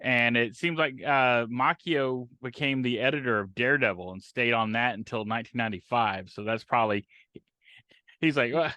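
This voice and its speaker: Male co-host, joking banter; bright, tense tone, dry booth sound. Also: mid-range voice, moderate pace, no echo. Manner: dry jokes, laughs at banter. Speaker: podcast co-host. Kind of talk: casual chat.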